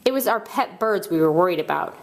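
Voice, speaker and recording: A woman doing a shrill, pleading boy in a storybook. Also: animated, fairly quick. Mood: sheepish. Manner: high-pitched, loud and pleading. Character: tough boy, upset and pleading. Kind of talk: children's book read-aloud.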